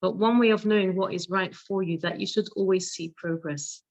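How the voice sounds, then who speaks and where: A woman's voice: medium pitch, fairly even intonation, moderate pace, a little mellow, dry recording. Emphatic London woman, dry sound. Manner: emphatic, affirming, speaks with conviction. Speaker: hypnotherapist guest. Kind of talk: casual interview chat.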